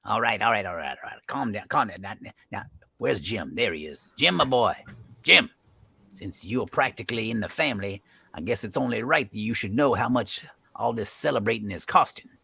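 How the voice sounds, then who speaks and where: A blustering rich old judge bellows and drawls in folksy country talk, read aloud by a man. His voice is gravelly and husky, swinging widely in pitch. The recording is dry and close. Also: lively intonation, a little fast, bright, forceful tone, no room sound, exaggerated voice. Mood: boastful. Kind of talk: live script reading.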